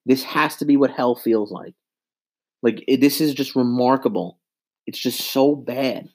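A man in his twenties rants about his football team into a handheld mic, exasperated and profane. He loops back over the same complaints, and his voice sits at an ordinary middle pitch. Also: unhurried, darkish tone. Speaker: sports fan vlogger. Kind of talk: angry sports rant.

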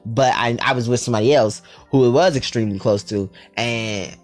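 A man telling a storytime tale in a vlog, animated and full of profanity and slang. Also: mid-range voice, brisk, faint music behind.

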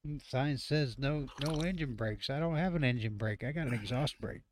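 A man's voice: mid-range voice, moderate pace. A man who drives trucks, telling rambling, profane road stories and laughing often in casual chat.

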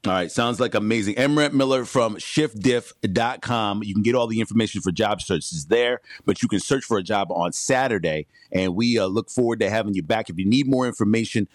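Casual morning radio host guy, lowish voice, upbeat and chatty, dry close studio sound. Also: fairly quick, few pauses, dry recording. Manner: upbeat, conversational, direct questions.

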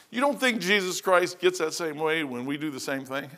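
A male pastor delivers a verse-by-verse sermon in a plain, folksy manner. He circles back over his phrases and drops in a casual "man". His voice sits somewhat high for a man. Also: animated, brisk, a bit bright. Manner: folksy and conversational, repeats phrases, says "man".

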